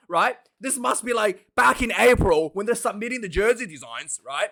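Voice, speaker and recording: Animated high-voiced male rugby vlogger. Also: brisk, hardly any pauses. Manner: animated, jokey, ranting, swings to loud outbursts. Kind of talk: casual predictions vlog.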